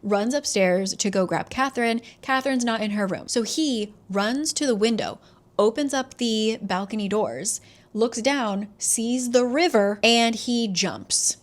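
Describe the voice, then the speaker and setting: A woman book vlogger giving a casual, animated book recap, laughing and swearing freely. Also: a little high, measured pace.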